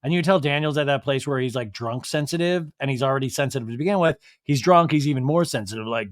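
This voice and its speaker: A man hosting a podcast who recaps a reality show in a chatty, animated way and often mimics the people he quotes. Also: medium pitch, quick pace, hardly any pauses, dry recording, studio quality. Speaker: podcast host.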